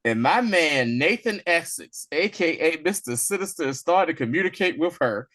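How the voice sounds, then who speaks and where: Animated man recapping in slang. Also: on the high side, no echo. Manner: animated, slangy storytelling that slips into quick character voices. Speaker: podcast host. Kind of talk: casual episode recap.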